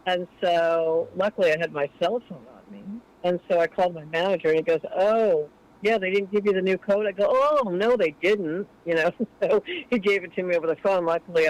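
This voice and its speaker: On a poor-quality recording, a woman with a low voice phones in to a late-night show. She chats her way through a long personal story and gives lively voices to the people she quotes.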